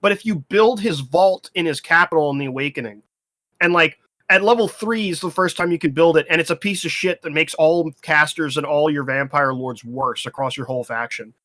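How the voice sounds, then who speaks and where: Bright, forceful profane gamer guy. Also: fairly high pitch, a little fast. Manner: profane, animated, laughing storyteller. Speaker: podcast host. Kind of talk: casual gaming chat.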